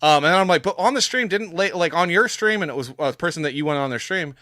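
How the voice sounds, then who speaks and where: Bright, rambling man in casual debate. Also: fairly high pitch, animated, quick pace, dry recording, studio quality.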